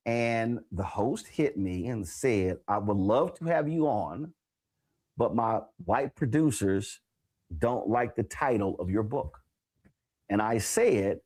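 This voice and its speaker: A man from the United States hosting a talk show interview, animated and acting out past conversations as he tells them. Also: lowish voice, slow. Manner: animated storyteller, acts out remembered exchanges.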